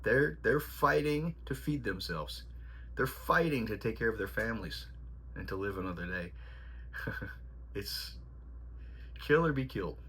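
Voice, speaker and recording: A man's voice: on the low side, animated, unhurried, pauses often, a bit bright, a little hiss or hum. A man coaching boxing, telling stories in a rambling, casual way with lots of fillers and the odd swear word. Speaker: boxing trainer. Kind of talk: casual instructional storytelling.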